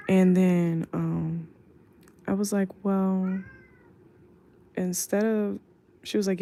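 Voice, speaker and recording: A young woman flight attendant telling a work story as a casual storytime, chatty and animated, full of "like". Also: on the low side, unhurried, creaky.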